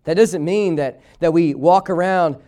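A man's voice: a little high, measured pace, dark tone. A male pastor, preaching a sermon in a church, emphatic and repetitive, asking the congregation to read along. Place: church sanctuary.

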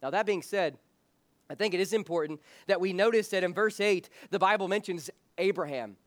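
A male pastor with a high-pitched voice preaches a sermon a little fast, in an earnest, frank manner, often repeating the opening of a phrase. The audio is close and dry, without room echo.

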